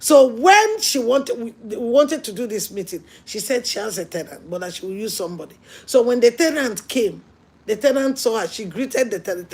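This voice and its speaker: A woman pastor preaching a sermon, telling stories earnestly and swinging between hushed lines and emphatic ones. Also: a little high, husky.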